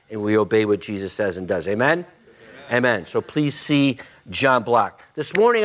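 A man, a pastor making church announcements with joking banter before starting his sermon. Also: mid-range voice. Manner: joking, warm-hearted banter with the congregation. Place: church auditorium.

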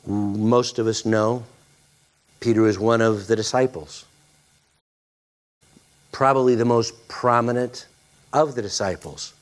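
A man's voice: mid-range voice, takes it slowly, long pauses. A male pastor preaching a sermon, dramatic and repeating phrases for emphasis.

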